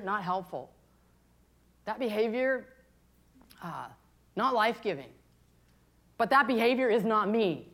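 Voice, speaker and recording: A woman in her fifties, a pastor preaching a candid, confessional sermon, moving between hushed and impassioned. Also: medium pitch. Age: 50s.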